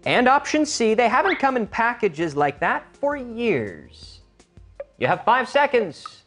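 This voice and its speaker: Energetic male quiz host, lively voice. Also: very high-pitched, a little slow, faint music behind. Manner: energetic, teacherly, stresses intonation. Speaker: quiz show host and English teacher. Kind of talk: lively game-show hosting and teaching.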